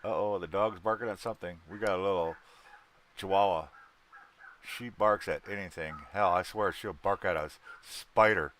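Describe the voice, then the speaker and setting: A man's voice: sits low, moderate pace, fairly bright tone, slight background noise. A man from Wisconsin chatting casually with his livestream viewers in a rambling, folksy way, with a salty word here and there.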